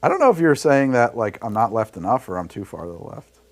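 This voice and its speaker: Here a man with a mid-range voice talks fast and very animatedly while making drinks on a livestream. His casual chat is rambling and heated, full of swearing and frequent laughter. He's recorded on a studio mic fed through a mixer rig.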